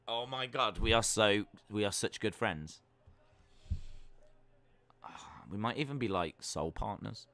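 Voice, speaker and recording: A British man hosting a live stream, reading viewer comments aloud and answering them with teasing, deadpan jokes. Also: lowish voice, a little slow, pauses often. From United Kingdom. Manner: jokey, teasing, deadpan banter.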